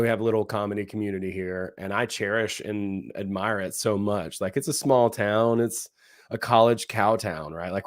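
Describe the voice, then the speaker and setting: Low-voiced man in animated casual chat. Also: no echo, studio quality. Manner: animated, acts out quoted voices, many fillers. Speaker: co-host, comedy show producer.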